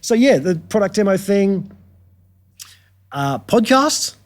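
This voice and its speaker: Chatty Australian man, higher voice. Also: takes it slowly. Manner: animated storyteller, frank and chatty. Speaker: podcast guest, guitarist. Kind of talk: casual chat.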